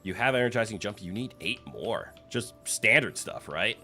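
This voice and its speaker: A male game streamer talks through his play in a bright, forceful voice, his pitch swinging widely. He chats casually, reads game text aloud and throws in playful exclamations. Faint game music sits beneath him. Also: animated, moderate pace. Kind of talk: casual gameplay commentary.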